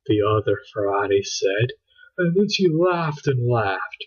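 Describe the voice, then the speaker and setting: A man reading a children's book aloud with expressive storytelling, on a dull lo-fi recording. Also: medium pitch, takes it slowly, husky. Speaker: storybook reader.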